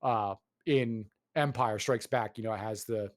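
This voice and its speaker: A man's voice: lowish voice, unhurried. Ranting man in casual gaming chat. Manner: animated ranting, swearing, lots of fillers.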